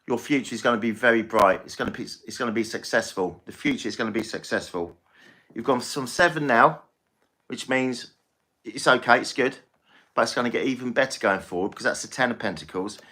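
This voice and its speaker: A man's voice: mid-range voice, sharp tone. A man giving a live-stream tarot reading, chatty and reassuring, often repeating himself. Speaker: tarot reader.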